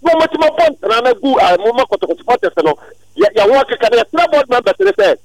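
A man calling in to a sports radio show, talking at length in an animated, rambling way. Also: extremely high pitch, fast talker, dry recording, poor audio. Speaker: caller. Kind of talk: call-in sports radio chat.

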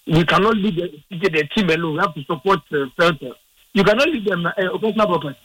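Male caller, higher-pitched, indignant rambling rant, phone-in. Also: husky, dry recording, poor audio. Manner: animated, repetitive, rambling and indignant. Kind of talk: call-in radio football opinion.

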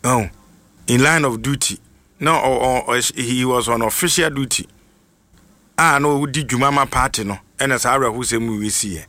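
A man's voice: mid-range voice, pushed and bright, dry recording. A man presenting radio news informally, often stuttering and restarting his words, with music playing underneath. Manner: halting, frequent stutters and restarts.

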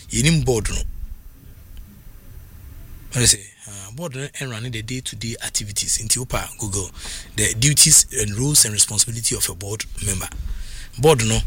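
A man with a Ghanaian accent, talking in an animated, casual way as a sports commentator, moving back and forth between English and Twi. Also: mid-range voice, husky. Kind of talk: casual chat.

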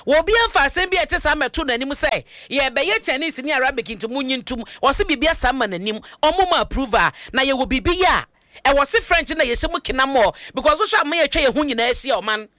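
A woman's voice: high voice, expressive, fast talker, bright, forceful tone, no echo, clean studio sound. A woman with a Ghanaian accent co-hosting a current affairs radio show, talking animatedly and switching between Twi and English.

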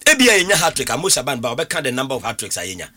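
Sports host, bright and lively voice, fairly high, teasing and casual. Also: male voice, rapid-fire. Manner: teasing, lots of "mm" backchannels.

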